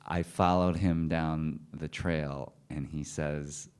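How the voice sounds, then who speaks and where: A man on a festival panel telling animated behind-the-scenes anecdotes, laughing as he acts out what others said. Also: rumbling low, takes it slowly, clean tone. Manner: animated anecdotes, laughing while acting out quotes. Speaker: film director on a panel. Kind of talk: panel storytelling.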